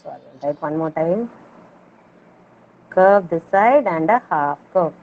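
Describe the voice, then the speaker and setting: A kindergarten teacher, running an online class and patiently repeating words for the children to echo. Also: female voice, lowish voice, animated, unhurried, phone-quality sound, a little hiss or hum. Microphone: video call.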